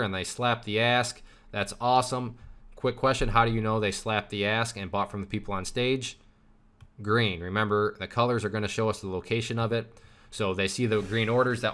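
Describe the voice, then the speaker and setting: A man with a fairly low voice gives a recorded trading lesson. He talks it through casually, asks himself rhetorical questions and often restarts his sentences. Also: moderate pace, a bit bright. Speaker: trading instructor.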